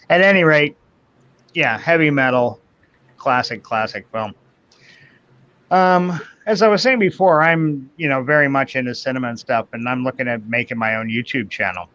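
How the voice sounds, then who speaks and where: A man's voice: mid-range voice, sharp tone. A Canadian man in his fifties, telling a long personal story in casual chat as a guest. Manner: rambling anecdotal storyteller, quotes others in voices. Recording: dull lo-fi sound.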